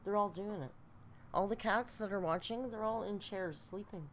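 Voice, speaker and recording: A woman's voice: mid-range voice, moderate pace, a little hiss or hum. A woman hosting a casual live reaction stream from home, chatty and laughing as she scolds her cat between remarks. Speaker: reaction channel host.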